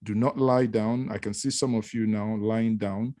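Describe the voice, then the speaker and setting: A man with a fairly low voice moderates an online panel on a video call. He speaks in a measured, formal way and reaches for adages. His sound is dry and close, with no room around it. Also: fairly even intonation, warm tone, no echo. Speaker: host.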